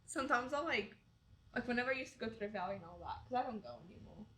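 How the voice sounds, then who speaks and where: A woman's voice: on the high side, animated, very fast, fairly bright tone, poor audio. A young woman chatting casually as a tattoo client, rambling with many fillers and swearing. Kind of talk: casual chat.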